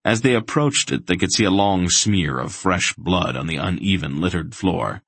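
A man narrating a fantasy audiobook in a steady, measured way. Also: sits low, vocal fry, husky, no room sound.

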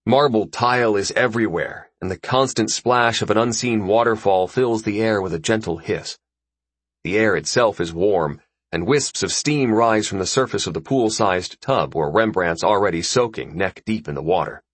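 A man narrating a first-person story in an expressive audiobook reading. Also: fairly low pitch, moderate pace, breathy edge, dry recording.

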